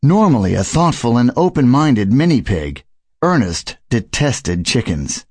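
A man narrating a children's audiobook in an expressive storytelling manner. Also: mid-range voice, a little slow, breathy edge, no echo, studio quality. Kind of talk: scripted narration.

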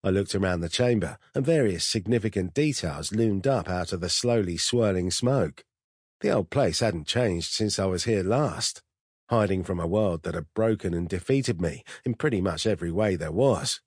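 A man reading a first-person story aloud in a dry, wry, measured way. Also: low-pitched, expressive, slightly rough, dry recording. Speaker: audiobook narrator. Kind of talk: first-person scripted narration.

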